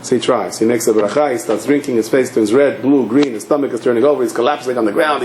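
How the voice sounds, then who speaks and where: A man's voice: medium pitch, fast talker, hardly any pauses, darkish tone. A man, a rabbi, tells a story in a sermon and acts out its scenes with animation. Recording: echoey hall.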